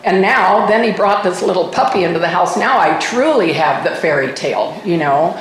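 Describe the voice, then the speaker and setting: A woman's voice: on the low side, lively intonation, normal speed, roomy sound, a little hiss or hum, poor audio. An older woman sharing her personal story at a recovery meeting, candid and self-mocking with wry humor. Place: meeting room. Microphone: microphone at a podium.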